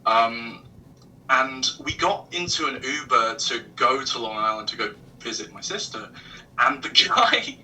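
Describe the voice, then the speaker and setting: English man, podcast guest, very bright tone, distant call mic. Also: mid-range voice, a little slow, slight background noise. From England. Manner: animated, swears freely, mimics voices. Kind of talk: casual storytelling. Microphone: video call.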